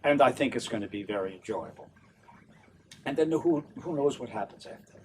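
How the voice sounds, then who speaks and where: Lively older man telling stories. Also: mid-range voice, a little fast, distant mic, slight background noise. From New Orleans, USA. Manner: animated, laughing often, acts out voices. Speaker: opera tenor and stage director, interview guest. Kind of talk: casual interview chat.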